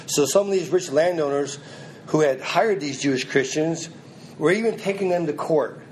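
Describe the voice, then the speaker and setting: A man's voice: a little high, normal speed, a little mellow, a little hiss or hum, poor audio. A man preaching a sermon, reading scripture aloud and then pressing it on his listeners in an earnest, emphatic way.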